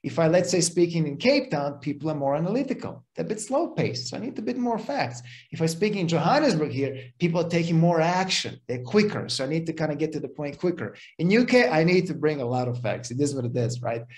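A man's voice: fairly high pitch, expressive, quick pace, few pauses, a little mellow. A middle-aged man giving a live seminar talk in an expo hall, direct and jokey, often quizzing the audience. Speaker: business speaker.

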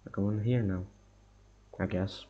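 A man's voice: sits low, fairly even intonation, normal speed, warm tone, highs cut off. A young man giving a let's-play commentary on a horror game, muttering to himself and reacting nervously to scares. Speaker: gamer.

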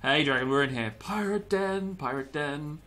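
A man's voice: on the high side, animated, moderate pace, pushed and bright, soft background music. A young man commentating gameplay with a lot of energy, yelping, laughing and slipping into pirate growls.

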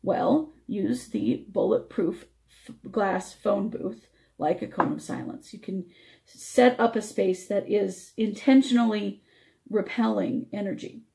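Lady hosting a radio show on energy stuff, voice really struggling, lots of fry. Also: medium pitch, measured pace, dark tone. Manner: explains techniques step by step, with small restarts. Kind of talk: spiritual teaching talk.

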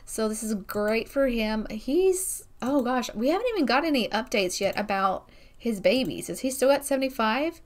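A young woman hosting a gaming video, chatting excitedly through her gameplay with frequent exclamations. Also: fairly high pitch, normal speed. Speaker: gaming channel host. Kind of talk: casual game commentary.

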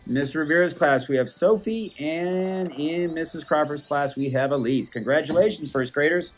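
A man's voice: fairly high pitch, normal speed, a little hiss or hum. A man hosting a school morning show, reading out announcements in a playful, jokey manner.

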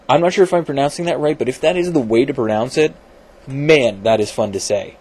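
A man's voice: mid-range voice, animated, moderate pace, darkish tone. A man talking casually in a science vlog from his home computer, rambling and self-deprecating, with many fillers and restarts. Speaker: video blogger.

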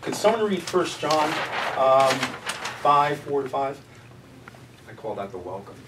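A man leads a group study in a relaxed teaching tone, chatting with his listeners and putting questions to them. He sits well back from the mic in an echoey church room. Faint noise hums underneath. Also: mid-range voice, measured pace, distant mic. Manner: conversational, asks the group questions. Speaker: Bible study leader. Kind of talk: casual teaching.

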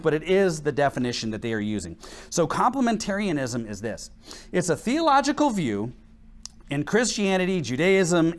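A man preaching a church sermon as pastor, reading verses and mocking quoted voices with sudden emphatic rises. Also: a little high. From United States.

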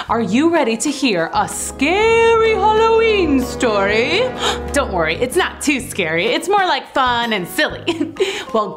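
A woman playing a cheerful children's storyteller who talks in a giggly, sing-song way. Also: sits high. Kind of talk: children's show hosting.

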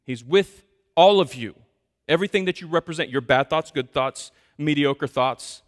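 A man preaches in a church sanctuary, his fairly high voice ringing out with long reverb. He talks like he is chatting, poking fun at himself and acting out the stories. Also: normal speed. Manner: conversational, self-deprecating, animated storytelling. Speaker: pastor. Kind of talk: sermon.

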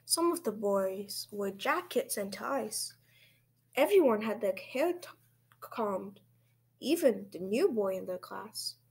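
A woman reading a children's picture book aloud in a gentle, expressive way. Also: mid-range voice, takes it slowly, a little hiss or hum.

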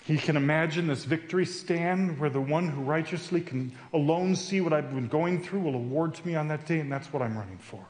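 A man's voice: fairly high pitch, a little fast, few pauses, darkish tone. A man giving a sermon at a men's retreat, telling a personal story in an earnest way. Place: retreat camp meeting room. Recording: roomy echo.

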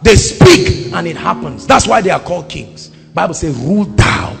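Impassioned Nigerian preacher in an echoing hall. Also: male voice, big pitch swings, normal speed, vocal fry. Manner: impassioned, swings from shouting to low quiet asides. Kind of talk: sermon. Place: large church hall. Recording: echoing hall with faint music.

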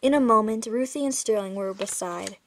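A woman's voice: mid-range voice, a little fast, fairly bright tone, a little hiss or hum. A woman reading a children's chapter book aloud in a casual way, with slips and self-corrections. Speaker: storybook reader.

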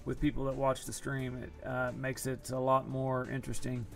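A man with a gravelly, fry-tinged voice streams a card game from home. He chats loosely, jokes at his own expense and groans at bad draws. Soft music plays behind him. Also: mid-range voice, monotone, moderate pace. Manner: chatty, self-deprecating, groaning at bad luck. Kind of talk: casual live-stream commentary.

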